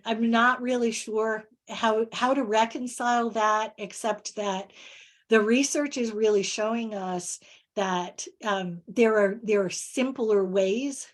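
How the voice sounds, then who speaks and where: Woman, webinar presenter, unhurried pace, halting, many pauses. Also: on the high side. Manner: halting, many fillers and restarts; explains with word examples. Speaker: presenter on reading instruction.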